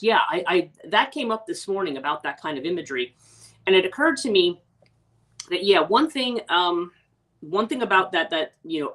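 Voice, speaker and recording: A woman's voice: sits low, a bit bright, distant mic. A woman life coach talking through ideas in a casual livestream, reflective and full of restarts. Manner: reflective, rambling with many restarts.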